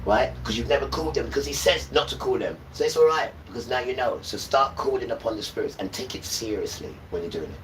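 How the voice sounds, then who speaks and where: Male streamer, preachy ranting monologue, bright tone, distant mic with light ambient noise. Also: medium pitch, lively intonation, fast talker, few pauses. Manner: preachy, repeats "right?" to viewers. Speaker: livestreamer.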